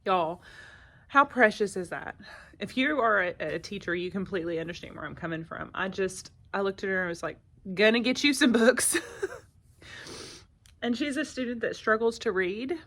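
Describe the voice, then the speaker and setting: A woman's voice: medium pitch, expressive, normal speed, a bit bright. A woman, a first grade teacher chatting casually to her phone camera in her classroom, with lots of fillers and asides. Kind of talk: casual vlog chat.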